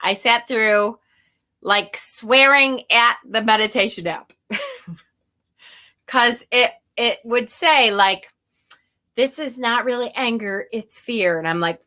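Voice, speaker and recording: A woman with a bright, fairly high voice talks openly to her viewers. She rambles and restarts, swears now and then and laughs at herself, with the easy candor of a personal vlog. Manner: reads and answers viewer comments aloud. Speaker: spiritual vlogger. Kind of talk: casual confessional talk to viewers.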